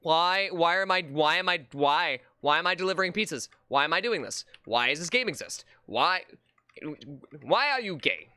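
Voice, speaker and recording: Animated, exasperated game streamer. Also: mid-range voice, brisk, hardly any pauses, smooth, no room sound. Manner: exasperated, jokey, swears, bursts into loud outcries. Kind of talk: live gameplay commentary.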